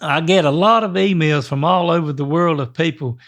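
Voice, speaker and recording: An older man, co-hosting a podcast in a rambling, folksy way with halting restarts. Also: fairly high pitch, fairly bright tone. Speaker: podcast co-host. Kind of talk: casual podcast chat.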